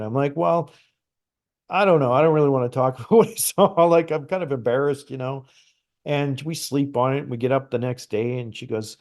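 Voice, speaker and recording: A middle-aged man from Canada, a guest on a conversational show, telling a personal story in a lively, animated way with frequent restarts. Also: mid-range voice, moderate pace. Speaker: guest psychic medium.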